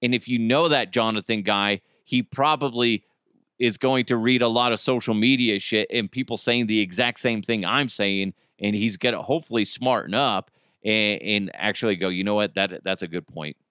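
A man's voice: fairly low pitch, normal speed, fairly bright tone, smooth, dry recording, studio quality. A middle-aged man hosting a casual solo podcast, ranting in an exasperated, profane way and telling stories with lots of animation. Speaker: podcast host.

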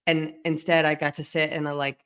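Low-voiced woman in her thirties chatting. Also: level tone, fairly quick, fairly bright tone, smooth. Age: 30s. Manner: chatty storytelling, many fillers. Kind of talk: casual chat.

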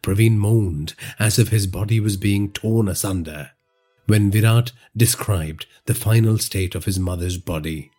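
Dark-voiced man narrating crime fiction. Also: on the low side, soft background music. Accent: Indian English. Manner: measured, dramatic. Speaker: podcast storyteller.

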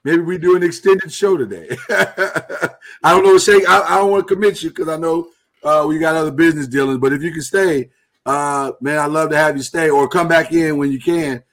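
A man hosting a live talk show, speaking earnestly and haltingly while he holds back emotion. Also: a little high, fairly bright tone. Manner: earnest, halting, with many restarts. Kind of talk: casual live-stream talk.

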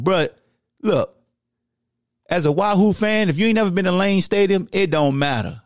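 A man hosting a sports podcast launches into a heated, slangy rant. His voice sits a bit high and swings widely up and down as he gets worked up. The recording is close and dry, with no room echo. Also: normal speed. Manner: animated, slangy, heated ranting. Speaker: podcast host.

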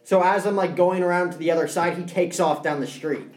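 Young man, podcast co-host, casual storytelling, slightly high voice, roomy echo. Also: fairly quick. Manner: storytelling, animated impressions.

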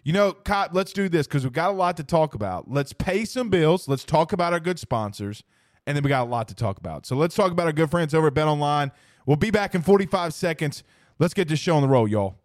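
A man co-hosting a casual sports podcast, excitable and animated, jumping between quick banter and self-corrections. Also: a little high, no echo, clean studio sound. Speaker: podcast co-host.

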